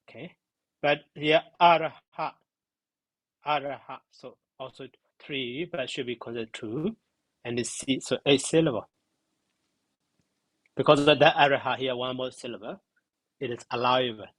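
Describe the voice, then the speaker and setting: A man giving a spoken grammar lesson, slow and halting, sounding out syllables one by one. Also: mid-range voice, steady tone, a bit bright, dry recording, rough recording. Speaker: monk teaching grammar.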